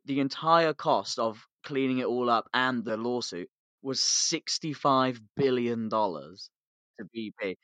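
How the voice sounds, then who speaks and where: A British man co-hosting a casual podcast, telling a story in an animated way with swearing and laughs. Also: medium pitch, a little slow, no room sound. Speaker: podcast co-host.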